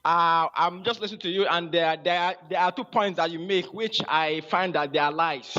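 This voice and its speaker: A man's voice: fairly high pitch, fairly even intonation, bright, forceful tone. Man calling in by phone. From Nigeria. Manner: hesitant, halting. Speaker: caller. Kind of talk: phone call into a debate show. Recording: muffled phone call.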